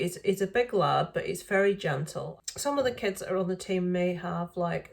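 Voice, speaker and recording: A woman's voice: on the low side, darkish tone. A middle-aged woman vlogger casually retelling an incident, indignant and full of fillers and restarts. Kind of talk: casual storytelling to camera.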